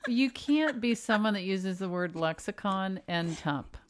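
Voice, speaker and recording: Dry deadpan woman podcast host. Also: mid-range voice, unhurried, slight background noise. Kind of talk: casual chat.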